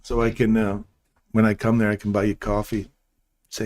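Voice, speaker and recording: A man's voice: lowish voice, level tone, moderate pace, a little mellow. Chatty middle-aged man coaching traders. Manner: chatty, rambling coaching with jokey asides. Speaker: trading stream host. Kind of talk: casual live trading walkthrough.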